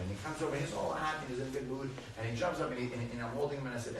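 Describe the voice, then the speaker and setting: A man speaking as a guest at a parenting talk, telling a lively personal story to a live audience and acting out the voices in it. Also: a little high, very fast, few pauses. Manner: animated, laughing, acts out voices in his stories. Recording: echoey hall, far mic, crowd noise.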